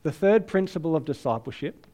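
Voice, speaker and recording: An Australian man preaching a sermon, telling a self-deprecating story in a lively, chatty way. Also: fairly high pitch, a little fast. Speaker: pastor. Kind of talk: sermon with personal anecdote.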